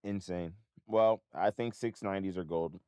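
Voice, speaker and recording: Deep voiced guy muttering and cussing over missed trades, dry close sound. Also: fairly even intonation, normal speed, clear, resonant tone, dry recording. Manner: frustrated, swearing, muttering to himself; jumps from loud outbursts to low mutters. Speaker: options day trader. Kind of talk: casual talking to himself while trading.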